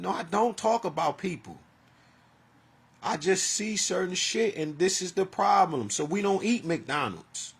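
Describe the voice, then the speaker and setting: A man's voice: sits high, animated, a little slow, husky. A man in his forties talking in a rambling, profane, heartfelt personal monologue. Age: 40s.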